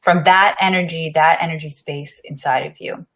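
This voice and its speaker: A woman's voice: sits low, steady tone, moderate pace, a bit bright. A woman co-hosting a casual podcast chat, talking earnestly, affirming her co-host and swearing casually.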